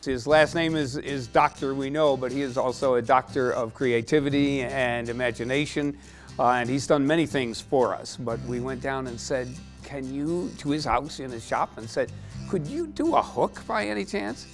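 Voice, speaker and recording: Friendly mid-pitched man, faint guitar underneath. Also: steady tone, moderate pace. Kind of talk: documentary interview.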